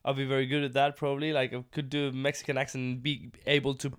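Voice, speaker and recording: A man's voice: mid-range voice, fast, clear, resonant tone. A man from Spain whose first language is Spanish, a wrestler chatting casually in English with an accent that blends Spanish, British and American sounds, rambling and laughing. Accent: Spanish mixed with British and American. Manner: rambling, animated, laughs often. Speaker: professional wrestler. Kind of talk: casual chat.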